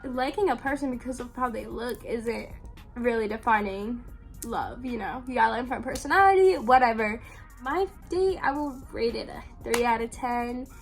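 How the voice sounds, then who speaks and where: A woman's voice: fairly high pitch, animated, moderate pace, faint music behind. A young woman telling a story to her viewers in a casual, chatty way, with lots of "like" and "um". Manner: chatty, full of "like" and "um", laughs often.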